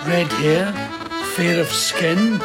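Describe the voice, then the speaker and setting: A man's voice: sits high, takes it slowly, loud music behind the voice. A man with a Scottish accent playing a vain, aging TV entertainer who talks in a grand, theatrical way in a film drama. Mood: boastful. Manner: grand, theatrical, self-regarding.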